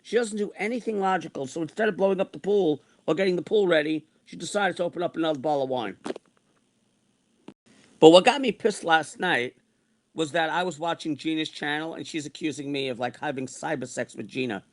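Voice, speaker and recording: A man's voice: on the high side, fairly quick. A man in his sixties ranting in a repetitive, exasperated way as he vents in an online monologue. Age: 60s. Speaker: online streamer.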